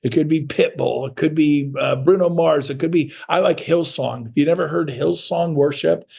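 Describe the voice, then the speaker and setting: A middle-aged man coaching real estate agents in a motivational sales talk, blunt and energetic, acting out little dialogues. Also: on the high side, normal speed, gravelly, slightly rough.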